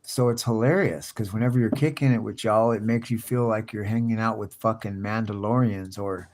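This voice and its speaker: Slangy, profane man, low-pitched. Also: fairly even intonation, fairly quick, darkish tone. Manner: profane slangy chatter, constantly saying "dude". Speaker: livestream host. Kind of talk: casual rambling live chat.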